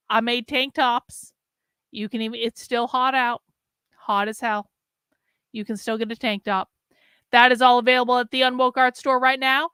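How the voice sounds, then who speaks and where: A woman hosting a casual livestream, a little drunk and chatting breezily. Her voice is bright, crisp and a touch high. It is recorded dry and close. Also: dry recording. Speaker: host.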